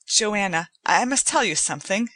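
A woman voicing an earnest, anxious young gentleman who speaks urgently. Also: mid-range voice, animated, normal speed, no room sound, close to an everyday voice.

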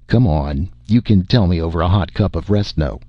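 A man voicing a calm, dryly teasing alien traveler visiting an old friend. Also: low-pitched, normal speed, dry recording, highs cut off. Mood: wry. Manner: dry, mildly teasing.

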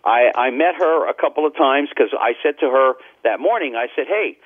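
A man's voice: mid-range voice, fairly quick. An older man, a talk radio host, telling stories in a chatty, anecdotal way during an interview, with frequent restarts. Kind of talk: casual interview storytelling. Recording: tinny phone line.

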